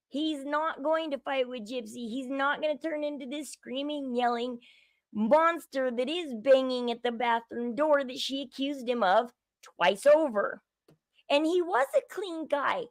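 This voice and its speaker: A high-pitched woman talks through a reality show episode in an indignant, opinionated way, circling back and repeating herself as she builds her case. She speaks at an unhurried pace, and her voice sounds dry and close. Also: no echo. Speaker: show host.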